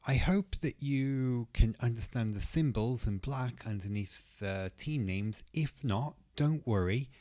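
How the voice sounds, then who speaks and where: Slow, careful male English teacher. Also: medium pitch, dark tone. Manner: slow, careful, repeats each word twice. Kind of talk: pronunciation lesson.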